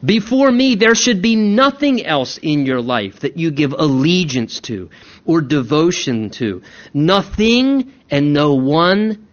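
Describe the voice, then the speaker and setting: A man's voice: on the high side, very animated, slow pace, highs cut off. A male pastor preaching a sermon in a conversational way, often restarting and repeating words.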